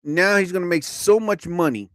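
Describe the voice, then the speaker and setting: A man hosting a live comedy stream. He rambles through a story in an animated way and laughs at his own jokes. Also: high voice, moderate pace, dry recording, studio quality.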